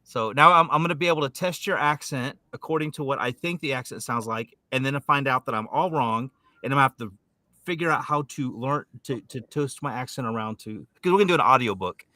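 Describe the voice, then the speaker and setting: A British man co-hosting a casual online chat, his voice bright and forward. He is recorded dry and close, and he teases and stumbles over his words as he jokes along. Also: medium pitch, fast talker, no room sound. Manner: joking, stumbling restarts. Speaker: co-host.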